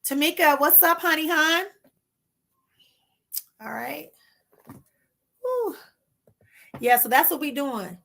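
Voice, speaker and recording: A woman chats casually with her livestream viewers in a bright, slightly high voice. She reassures them warmly, calling them "my love" and "honey", and stretches out her soothing words. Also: big pitch swings, vocal fry. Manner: drawn-out soothing repetitions. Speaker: spiritual livestream host.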